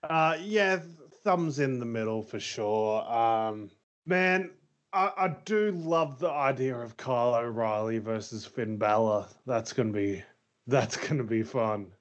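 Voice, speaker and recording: A man's voice: mid-range voice, a little slow. A man co-hosting a casual podcast chat, rambling with lots of fillers and easy laughs. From Australia. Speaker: podcast co-host. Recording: slightly dull lo-fi audio.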